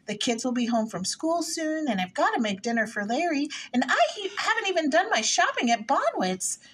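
A woman's voice: high-pitched, big pitch swings, normal speed, fairly bright tone, slight background noise. A woman playing a flustered nervous housewife. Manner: flustered, breathless chatter. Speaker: actor in a rehearsal. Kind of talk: rehearsed stage play reading.

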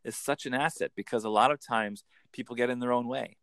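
A man, a coach explaining in an enthusiastic conversational interview with quick acted examples. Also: medium pitch, fairly bright tone, dry recording. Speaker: accent coach.

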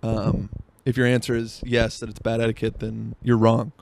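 A man's voice: on the low side, monotone, normal speed, vocal fry, a little hiss or hum. A young man hosting a podcast, telling a rambling, profane story in a casual monologue full of fillers, talking while driving. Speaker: podcast host.

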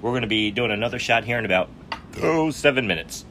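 A man co-hosting a casual podcast, joking and loud as he chats with his friend. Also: medium pitch, expressive, fast, a little hiss or hum. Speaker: podcast co-host. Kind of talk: casual chat.

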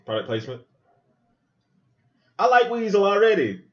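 A man's voice: sits high, sing-song, normal speed, highs cut off. A man hosting a podcast, giving loose, joking, profane running commentary while he watches a film. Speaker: podcast host. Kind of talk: casual movie watch-along commentary.

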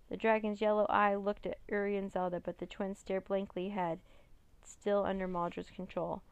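A woman reading a children's chapter book aloud in an expressive storytelling manner. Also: mid-range voice, moderate pace, clear, resonant tone, no room sound, muffled recording. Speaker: reader.

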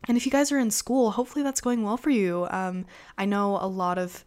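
A woman's voice: mid-range voice, fairly even intonation, a little fast, darkish tone. Chatty teenage girl podcast host. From America. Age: teens. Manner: chatty, filler-heavy, rambling. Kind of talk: casual solo podcast chat.

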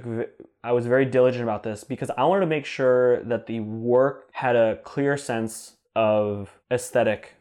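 A man's voice: mid-range voice, a little mellow. A man in his thirties, a brand and design director, talking as an interview guest in a chatty, enthusiastic way, laughing often. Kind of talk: casual interview chat.

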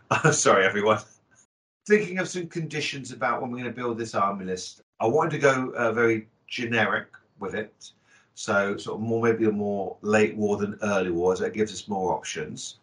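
Bright-voiced man, chatty. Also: on the low side, moderate pace. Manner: chatty and jokey, with self-corrections. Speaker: podcast co-host. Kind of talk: casual chat.

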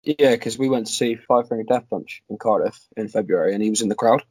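A young man, rambling quickly through a casual anecdote on a podcast. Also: lowish voice, darkish tone, slightly rough, dry recording. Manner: rapid, rambling, swears casually. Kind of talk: casual chat, telling an anecdote.

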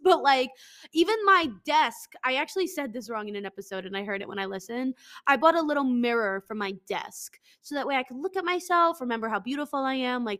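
A young woman hosting a podcast on a headset at her desk, ranting in a profane, animated, mock-angry way. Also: high voice. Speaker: podcast host. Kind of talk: casual comedic rant. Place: home desk.

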